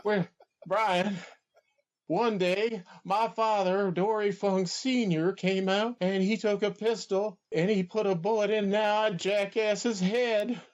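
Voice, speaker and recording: A man's voice: a little high, measured pace, muffled recording, lightly acted. A man doing an impression of a rambling old wrestler with a folksy drawl, on a comedy podcast.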